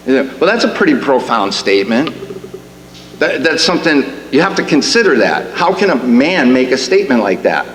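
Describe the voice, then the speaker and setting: A man's voice: medium pitch, sing-song, moderate pace, a bit bright. A man preaching a sermon in a church, conversational and rising to emphatic questions, with frequent restarts. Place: church sanctuary. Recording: echoey hall with faint hum.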